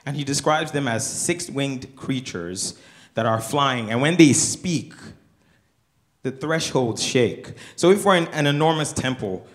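A man co-hosting a casual Bible study discussion, animated and full of rhetorical questions. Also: medium pitch, a little slow. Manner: animated, asks rhetorical questions, laughs often. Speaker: co-host of a church discussion show.

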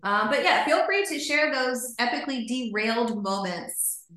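A woman's voice: a little high, expressive, moderate pace, bright, forceful tone. A woman hosting a casual podcast, chatty and laughing through her words. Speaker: podcast host. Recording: very echoey room.

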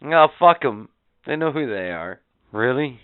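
A man's voice: medium pitch, lively intonation, unhurried, clear, resonant tone, dry recording, phone-quality sound. A man co-hosting a podcast, telling a story in crude, sarcastic casual chat and swearing often. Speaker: podcast co-host.

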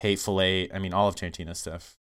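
A man's voice: deep voice, level tone, fast talker, a bit bright, clear, resonant tone. A man co-hosting a casual film podcast, enthusiastically listing a cinematographer's credits. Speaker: podcast co-host.

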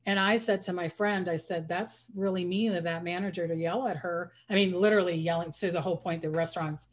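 A woman's voice: on the low side, steady tone, brisk. Rambling woman psychic medium. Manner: rambling, restarts often, acts out quoted voices. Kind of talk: casual interview storytelling.

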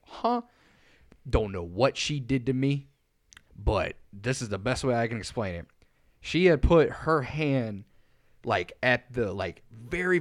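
A man in casual podcast chat tells crude stories with a blunt, offhand delivery. His voice sits in a middle pitch, and he often sinks to a hushed tone for the details. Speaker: podcast co-host.

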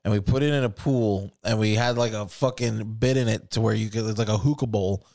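A man's voice: lowish voice, brisk. Profane young man telling stories. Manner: profane, animated storytelling. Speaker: podcast co-host. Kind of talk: casual chat.

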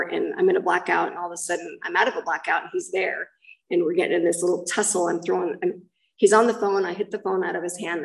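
A woman's voice: fairly low pitch, vocal fry, recorded from a distance, poor audio. A woman telling a candid personal testimony about recovery, rambling and restarting as she goes. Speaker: recovery speaker sharing her story.

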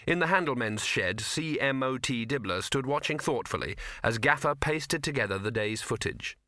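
Male audiobook narrator, measured storytelling, bright, dry close mic. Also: medium pitch, expressive, no room sound. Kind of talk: scripted narration.

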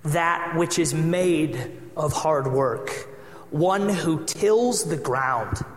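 High-voiced pastor preaching in an echoey hall. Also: male voice, extremely slow. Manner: animated storytelling with acted-out dialogue. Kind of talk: sermon. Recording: echoey hall with long reverb.

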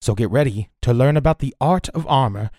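A man running a tabletop game as game master, giving a long steady narrated lecture. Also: mid-range voice, a little fast, dry recording, clean studio sound.

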